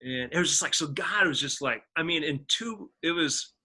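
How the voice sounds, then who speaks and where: A man from Indiana, a podcast guest, telling a personal story in animated conversation, acting out other people's lines as he goes. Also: on the high side, normal speed, breathy edge. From Indiana, USA.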